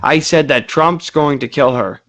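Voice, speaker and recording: A man's voice: fairly high pitch, a little slow, fairly bright tone. A man co-hosting a casual comedy podcast, blunt and profane, pushing conspiratorial claims. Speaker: podcast co-host.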